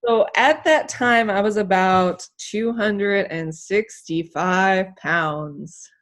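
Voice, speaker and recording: A woman from the United States, an athlete telling her story as an interview guest, emotional and animated, rambling with many fillers. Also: medium pitch, takes it slowly. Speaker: interview guest, hammer thrower.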